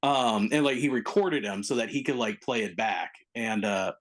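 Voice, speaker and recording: A man's voice: on the low side, moderate pace. A man on a casual film podcast who talks in an enthusiastic, rambling way, hedging as he goes. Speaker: podcast co-host.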